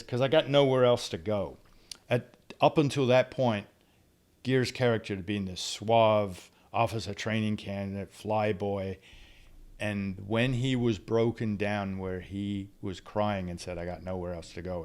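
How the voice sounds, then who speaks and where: A man's voice: deep voice, a little mellow. An older man, a lawyer, giving blunt advice in a rambling casual monologue with false starts. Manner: rambling, blunt, with restarts and sighs.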